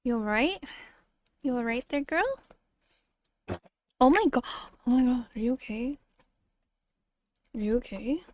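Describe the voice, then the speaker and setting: A woman's voice: on the high side, a little mellow. A woman streaming casually, chatting and laughing, reacting to clips and talking sweetly to her dogs. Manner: chatty, talks baby-talk to her dogs, laughs often.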